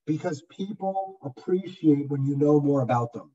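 Man, webinar trainer, higher voice, husky, lo-fi far-off call audio. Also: fairly quick, hardly any pauses. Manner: animated, acts out customer voices. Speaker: real estate trainer. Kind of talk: webinar software walkthrough. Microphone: video call. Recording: dull lo-fi audio from far off the mic.

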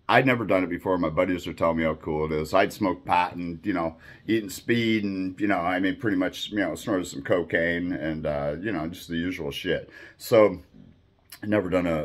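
A deep-voiced man rambles through a casual storytelling monologue about his past, swearing freely and using many fillers.

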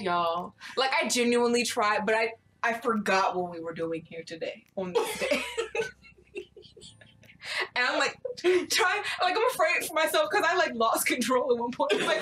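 A young woman hosting a casual reaction chat, excitable, shrieking, laughing and swearing a lot. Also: a little high, normal speed, slight background noise. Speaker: reaction channel host.

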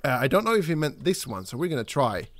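An excitable young man narrates his own gameplay as a channel host, swearing freely and yelling at characters on screen. His voice sits high and swings widely in pitch, leaping up when he gets worked up. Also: quick pace, slight background noise. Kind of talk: let's play commentary.

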